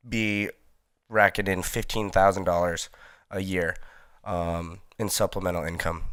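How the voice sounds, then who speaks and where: A man's voice: low-pitched, dry recording, studio quality. A man hosting a casual solo podcast, talking in a loose, rambling way with lots of ums, cursing and frequent laughs. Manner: rambling, laid-back, lots of ums and swearing, laughs often. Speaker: podcast host.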